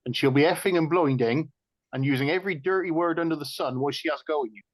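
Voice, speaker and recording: A man's voice: fairly high pitch, quick pace, dry recording, poor audio. English Midlands man, chatty and dry. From England. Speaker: co-author guest. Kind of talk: casual interview chat.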